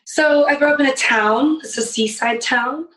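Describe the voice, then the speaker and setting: Woman guest, higher voice, chatty and animated. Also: moderate pace, a little hiss or hum, low-quality recording. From England. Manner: chatty, laughs often, animated. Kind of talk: casual podcast chat.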